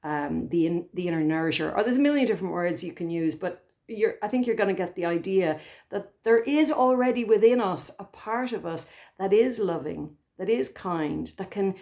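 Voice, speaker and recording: A gentle woman talks things through as a therapist, calm and thoughtful. Her speech moves in soft, unhurried phrases, and she often pauses to find the right word. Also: medium pitch. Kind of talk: reflective spoken talk to camera.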